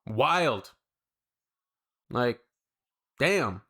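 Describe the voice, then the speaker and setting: Young man, sarcastic reaction-video host, mid-pitched, talks straight to the viewer. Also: big pitch swings, extremely slow, bright, forceful tone. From Canada. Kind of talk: casual reaction commentary.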